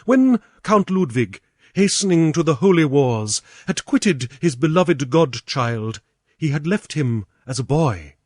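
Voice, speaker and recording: A British man narrating an old tale in a measured, expressive reading. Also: a little high, no room sound, clean studio sound. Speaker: audiobook reader. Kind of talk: storybook narration.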